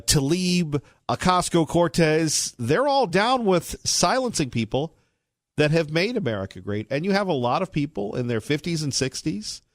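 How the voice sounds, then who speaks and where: A man's voice: fairly high pitch, dry recording, studio quality. A male talk radio host, joking and dropping sarcastic asides.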